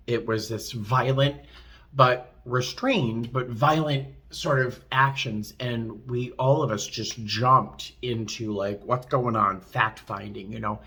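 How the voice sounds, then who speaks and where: A man's voice: fairly low pitch, sharp tone. A man vlogging from a hotel room in a chatty, rambling way full of fillers. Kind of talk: casual chat to camera.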